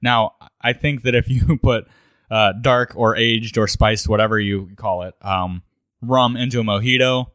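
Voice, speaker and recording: A man co-hosting a podcast, chatting casually, relaxed and chuckling as he thinks aloud. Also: mid-range voice, unhurried, clean tone, dry recording, clean studio sound. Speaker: podcast co-host. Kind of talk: casual chat about cocktails.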